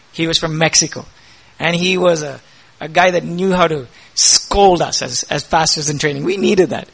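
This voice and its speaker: A man preaching a sermon as pastor, energetic, with rising emphasis and quoted scripture. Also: high voice.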